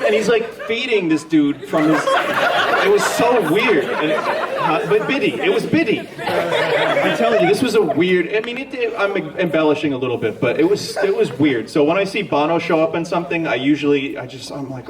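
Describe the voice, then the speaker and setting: Guy on a con panel rambling jokey stories, kinda high voice, crowd noise all around. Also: animated, moderate pace. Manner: rambling, joking, self-deprecating storytelling. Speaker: panel guest answering audience questions. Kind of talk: comedic live panel Q&A. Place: large convention hall with an audience. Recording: distant mic in a crowded hall.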